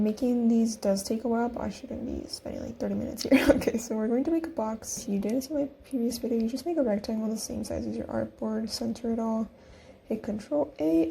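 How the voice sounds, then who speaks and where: Young woman chatting thru a design tutorial, kinda giggly, low mellow voice w some vocal fry, faint hiss behind. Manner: chatty, giggly, talks through each click. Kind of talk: casual screen-recorded tutorial.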